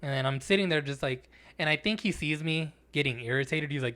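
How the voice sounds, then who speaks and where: A man co-hosting a podcast tells a story in profane, animated casual chat, acting out the other people's lines. He speaks at a quick pace in a mid-range voice.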